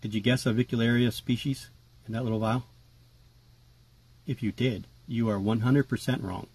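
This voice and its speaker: A man talking casually to camera about his tarantulas, relaxed and chatty with lots of fillers. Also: medium pitch, moderate pace, slightly rough. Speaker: tarantula keeper vlogger. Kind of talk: casual rambling vlog.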